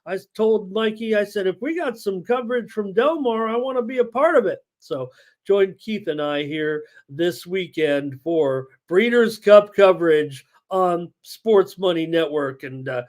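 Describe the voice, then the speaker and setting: High-voiced man hosting a betting stream. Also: animated, unhurried. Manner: casual, frequent "uh" fillers, reads chat aloud. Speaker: sports betting show host. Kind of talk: live-stream sports betting talk.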